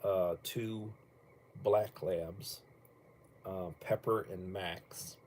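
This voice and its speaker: A man's voice: sits low, fairly even intonation, very slow, darkish tone, slight background noise. An older man hosting a casual livestream from home, rambling bluntly and cursing casually between topics. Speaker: livestream host.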